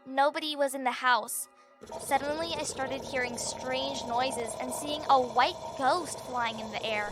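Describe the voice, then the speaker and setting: A woman narrating a scripted story in an expressive, dramatic way. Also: high-pitched, a little slow, loud music behind the voice.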